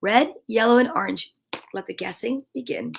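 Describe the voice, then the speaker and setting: A middle-aged woman hosting a live show for children, bubbly and playful, reading names from the chat and chatting warmly. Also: a little high, normal speed, vocal fry. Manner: bubbly, playful, sing-song. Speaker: children's livestream host.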